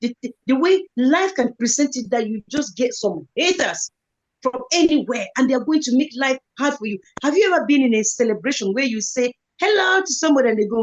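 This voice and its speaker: A woman's voice: on the high side, expressive, brisk, highs cut off. A woman speaking as a guest in an online live talk, earnest and motivational, repeating phrases for emphasis. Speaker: guest speaker, kidney patient.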